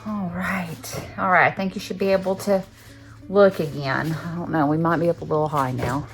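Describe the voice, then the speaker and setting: A woman chatting casually to her camera on a tripod in her living room, with a soft, chatty manner. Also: on the low side, steady tone, moderate pace, soft background music. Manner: soft, chatty, coos in baby talk to the kittens. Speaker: knitting vlogger. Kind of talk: casual vlog chat.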